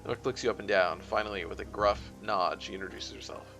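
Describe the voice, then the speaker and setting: Gravelly man reading a game aloud. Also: fairly low pitch, steady tone, fairly quick, hardly any pauses, bright, forceful tone, soft background music. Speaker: streamer.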